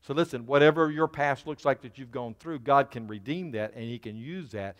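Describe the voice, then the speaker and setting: A man's voice: mid-range voice, fairly quick. A man preaching a sermon as pastor to his congregation, building into fervent emphasis. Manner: preaching to a congregation, rising into fervor. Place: church sanctuary. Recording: long reverb of a large hall.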